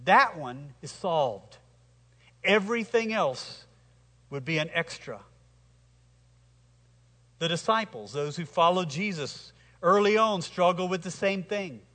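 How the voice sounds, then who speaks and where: High bright-voiced guy preaching a sermon, slow and emphatic, long echoey hall. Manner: slow, emphatic preaching with congregation call-and-response. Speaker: pastor.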